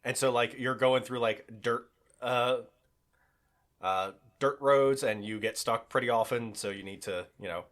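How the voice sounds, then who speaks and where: Male co-host, mid-range voice, measured explainer with dry deadpan jokes. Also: mid-range voice. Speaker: podcast co-host. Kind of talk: casual gaming chat.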